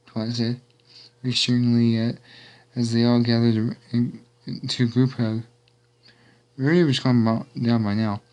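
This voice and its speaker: A man's voice: medium pitch, level tone, moderate pace, pauses often, a little mellow. A man reading a fan story aloud in a casual, unpolished way.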